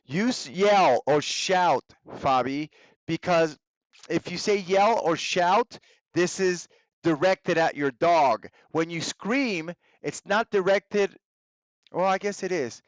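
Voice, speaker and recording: A young man with a fairly high voice teaches English in a live online class, patiently switching between English and Spanish in a plain delivery. He explains slowly, taking each word with care, and the dry, slightly dull sound suggests a basic streaming mic.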